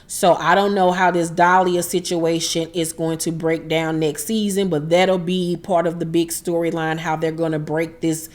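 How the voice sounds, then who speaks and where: A woman hosting a casual TV recap, retelling scenes with lively, profane acted-out lines. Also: on the low side, moderate pace, few pauses. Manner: animated retelling, acting out the characters' lines with profanity. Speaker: TV recap channel host. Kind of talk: casual episode recap chat.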